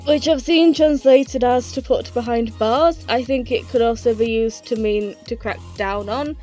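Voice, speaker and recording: A woman talking through a casual retrospective review, slightly out of breath, chatty and enthusiastic and quick to laugh. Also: a little high, a little mellow, faint music behind.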